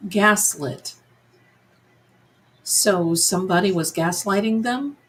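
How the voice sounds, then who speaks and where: Woman tarot host, unhurried and musing, addresses viewers and pets as she goes. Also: medium pitch, rough recording. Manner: slow, musing, talks to viewers and her cats. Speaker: psychic medium livestream host. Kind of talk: live tarot reading chat.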